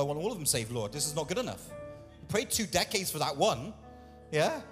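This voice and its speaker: A man's voice: mid-range voice, big-room sound. A man pastor preaching a sermon in a church, talking conversationally, acting out quoted voices and putting questions to the congregation. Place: church hall.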